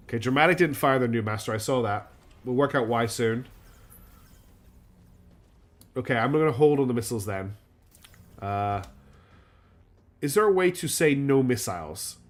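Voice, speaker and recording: A man streaming a strategy game, chatting and thinking aloud in a casual, self-deprecating way. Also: mid-range voice. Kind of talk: live game commentary.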